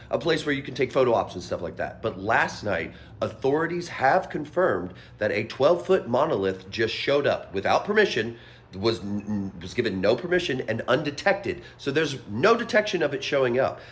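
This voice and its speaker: A man casually sharing a strange news story in a conversational, slightly rambling way. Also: medium pitch.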